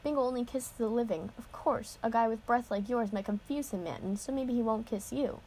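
A woman's voice: a little high, a little fast, dark tone, poor audio. A woman reading the lines of a cheerful, easygoing man who handles a search dog, playful and teasing.

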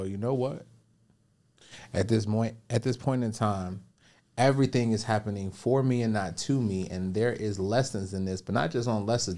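A guest on a podcast, this business coach recounts a personal story and motivational advice with plenty of animation, playing out the voices he quotes. His voice sits on the low side.

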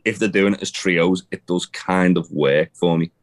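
A man's voice: low voice, moderate pace. A young man co-hosting a casual chat, rambling with restarts and casual swearing. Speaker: podcast co-host. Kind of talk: casual chat about wrestling.

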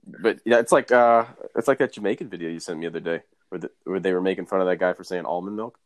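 A man's voice: low-pitched, quick pace. A young man co-hosting a podcast, rambling and joking in casual chat. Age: young adult. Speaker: podcast co-host.

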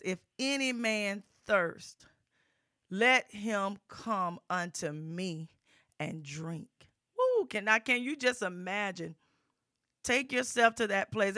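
Bright, crisp-voiced fervent preacher. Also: mid-range voice, no echo, clean studio sound. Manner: peppers speech with amen and praise God; builds to loud, fervent preaching with shouts. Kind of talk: sermon.

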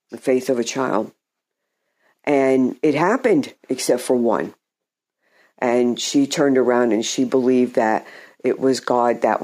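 Slow, mellow-voiced male preacher. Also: mid-range voice. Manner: halting and conversational, often repeating words and restarting phrases. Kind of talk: informal sermon.

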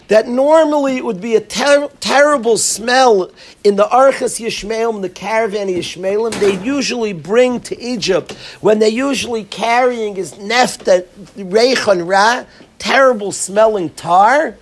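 A man teaching a Torah lesson to a class of boys, animated and sarcastic, calling on students by name. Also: high voice, a little slow.

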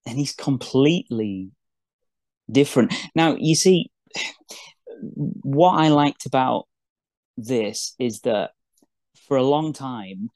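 A man's voice: medium pitch, lively intonation, takes it slowly, long pauses, a little mellow, dry recording. A man in casual podcast chat, speaking in an easygoing, hesitant way and often restarting his sentences. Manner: easygoing, hesitant, many restarts and agreeing murmurs. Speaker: podcast co-host. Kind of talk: casual chat commenting while watching.

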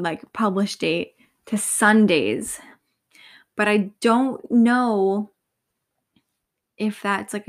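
Rambling, tired young woman podcaster. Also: medium pitch. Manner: rambling, filler-heavy, lots of "like". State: tired, yawning. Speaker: podcast host. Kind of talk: casual solo podcast chat.

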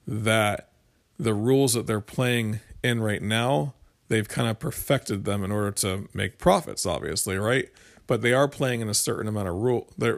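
A man talks straight to his viewers in a loose, unscripted commentary. He rambles and restarts his sentences, and he walks through plain everyday examples to explain his points. His voice sits at an ordinary middle pitch. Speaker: political commentator. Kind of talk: casual commentary monologue to viewers.

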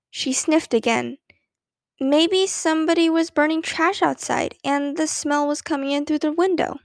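A woman narrating a children's storybook with a clear, expressive reading. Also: high-pitched, moderate pace, no echo, studio quality. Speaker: audiobook narrator.

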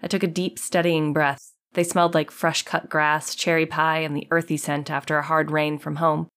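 A woman narrating an audiobook in a measured, dramatic storytelling manner. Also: deep voice, level tone, a bit bright.

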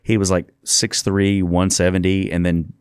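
A man's voice: deep voice, moderate pace, clear, resonant tone, dry recording, clean studio sound. A man hosting a casual sports talk show, running through game stats. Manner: reads off stats in a steady rundown.

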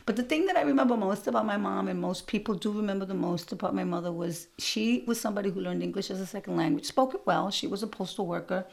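A middle-aged woman hosting a show, telling family stories in an animated, punchy way with sudden loud bursts. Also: mid-range voice, fast, creaky, hardly any pauses. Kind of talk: storytelling monologue.

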